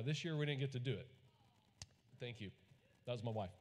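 A man's voice: mid-range voice, normal speed, long pauses. A man from Texas, preaching a sermon in a folksy storytelling way and getting the congregation to repeat lines back. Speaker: pastor. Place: large church hall. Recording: long hall reverb.

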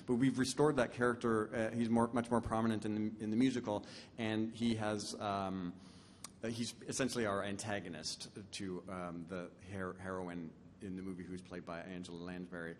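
A man's voice: fairly low pitch, little pitch movement, moderate pace, slight background noise. A man, a composer and lyricist, chatting casually on stage, enthusiastic and self-deprecating. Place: concert stage. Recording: long hall reverb.

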